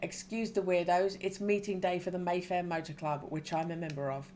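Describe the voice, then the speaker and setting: A woman's voice: lowish voice, little pitch movement, fairly quick, darkish tone, slight background noise, lightly acted. A woman reading out a hearty middle-aged biker. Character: jovial middle-aged male biker shop owner.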